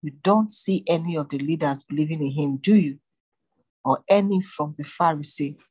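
A reader voicing scornful male religious leaders with an indignant, questioning delivery and a dry, husky voice. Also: mid-range voice, normal speed, a little mellow, no echo, natural voice.

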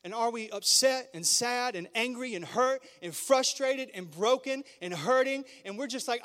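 Male pastor in his thirties; animated, joking sermon delivery, high pitch, big reverberant sanctuary. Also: normal speed, few pauses. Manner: animated, playful, conversational with the crowd. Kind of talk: humorous storytelling sermon. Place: church sanctuary. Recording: long church hall reverb.

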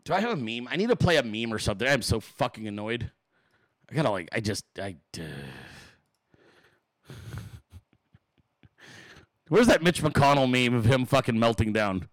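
A man's voice: medium pitch, very animated, moderate pace, long pauses, no room sound, low-quality recording. A man hosting his own talk show, venting in an angry, profane, blunt monologue to his viewers. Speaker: show host.

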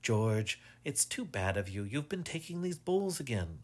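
A man voicing a calm, proud middle-aged wife who talks quietly and scolds lightly, reading from a storybook. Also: mid-range voice, normal speed, close to an everyday voice. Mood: scolding.

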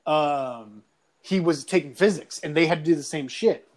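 Young man, high voice, casual profane storytelling, animated, swearing, laughing. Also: moderate pace. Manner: animated, swearing often, laughing through lines. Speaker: podcast guest telling a story.

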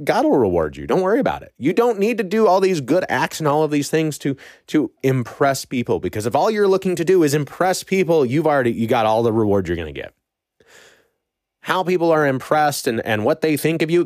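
A man's voice: medium pitch, no room sound, studio quality. A man teaching a Bible study in an earnest, conversational way, often repeating phrases for emphasis and checking in with "right?". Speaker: preacher.

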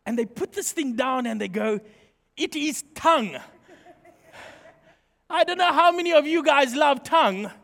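A man's voice: very high-pitched, measured pace, gravelly, pauses often. A man preaching a sermon, leading a prayer and telling funny personal stories to the congregation. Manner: leads prayer, then tells lively anecdotes to the congregation. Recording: long hall reverb.

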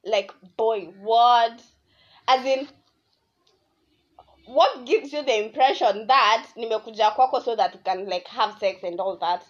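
A woman's voice: a little high, measured pace. Chatty young Kenyan woman, lo-fi. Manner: rambling, animated, switching between English and Swahili slang. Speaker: podcast host. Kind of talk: casual solo podcast storytelling. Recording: dull lo-fi audio.

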